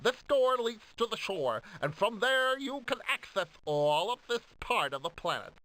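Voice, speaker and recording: A solemn Scottish game villager. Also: male voice, sits high, sing-song, moderate pace, sharp tone, no room sound, full character voice, low-quality recording. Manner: formal, solemn quest-giving speech. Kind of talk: 1990s video game voice acting.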